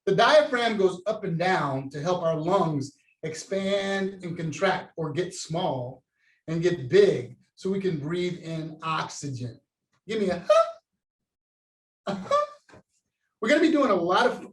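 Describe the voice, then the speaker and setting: A man leading an interactive science lesson for children, with animated call-and-response prompts and demonstrations. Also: high voice, roomy sound, far from the mic, low-quality recording. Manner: gestures while talking, stands and demonstrates. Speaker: science educator.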